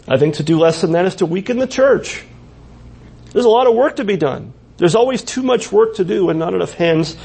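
Gravelly high-voiced male preacher. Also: darkish tone. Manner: conversational preaching with frequent restarts and asides. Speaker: pastor. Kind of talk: sermon. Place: church.

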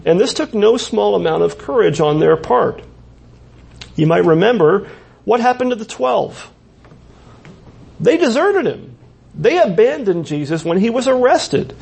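Male pastor, raised pitch, raspy tone, conversational sermon delivery. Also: very animated, measured pace, pauses often, a little mellow. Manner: conversational preaching with frequent restarts and asides. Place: church.

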